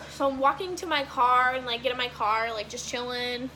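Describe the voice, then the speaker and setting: A woman's voice: fairly high pitch, moderate pace, pushed and bright, slight background noise. A young woman from Washington state telling a rambling storytime vlog, casual and full of fillers and swearing. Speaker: vlogger.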